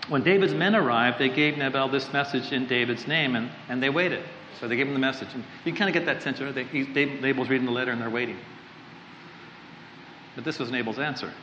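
A man's voice: medium pitch, a little fast, pushed and bright, slight background noise. A man preaching a sermon to a live audience, talking casually with joking asides and frequent restarts. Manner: conversational, rambling, self-interrupting. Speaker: pastor. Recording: echoey hall, slightly dull sound.

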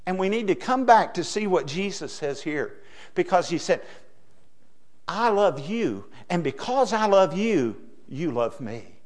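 A middle-aged preacher from delivers a folksy sermon. His voice sits fairly high for a man and moves constantly, sliding between hushed, intimate asides and loud, emphatic peaks. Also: very animated, a little slow. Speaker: pastor.

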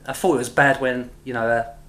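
A woman's voice: very deep voice, steady tone, fairly quick, fairly bright tone. A woman co-hosting a podcast, chatting casually with laughs and swearing. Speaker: podcast co-host. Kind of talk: casual chat.

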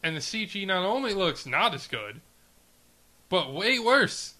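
A man's voice: high-pitched, sing-song, unhurried, sharp tone. A man co-hosting a podcast, chatting casually, joking and laughing often. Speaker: podcast co-host.

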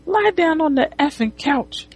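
A woman's voice: medium pitch, very animated, moderate pace, a little mellow, slightly rough, pitched above the performer's own voice. A woman voicing a blunt, dismissive young woman from a comic who says whatever she wants. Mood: bossy. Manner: brusque and dismissive. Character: blunt, foul-mouthed young woman who doesn't care.

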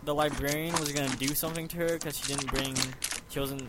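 A man's voice: fairly high pitch, steady tone, fast, noisy background. A man hosting a podcast, chatting casually and rambling animatedly about a book. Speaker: podcast host. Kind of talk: casual chat.

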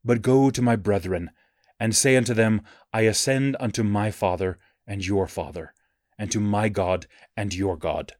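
A man reading Jesus, soft and calm. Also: fairly low pitch, moderate pace, no room sound, clean studio sound, close to an everyday voice. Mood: gentle. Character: risen gentle male teacher, calm.

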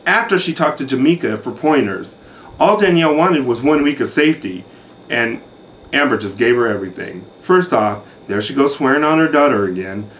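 Campy, catty man with a lively voice. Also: mid-range voice, moderate pace, slight background noise. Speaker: reality show commentator. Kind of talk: sassy recap commentary.

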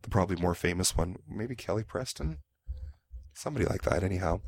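A hungover man co-hosting a casual movie-review chat, rambling with halting fillers. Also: low voice, expressive, a little mellow, no echo. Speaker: podcast co-host.

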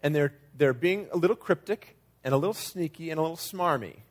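A man's voice: on the high side, a little fast. Conversational man preaching a sermon. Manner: conversational, acts out quoted lines with shifting emphasis. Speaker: pastor.

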